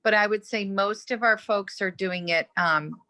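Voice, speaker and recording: A woman's voice: mid-range voice, measured pace, pushed and bright, a little hiss or hum. A woman from Boston who works at a hospital, speaking in a friendly, upbeat way on a video call from her phone. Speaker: hospital staff. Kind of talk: casual chat on a video call.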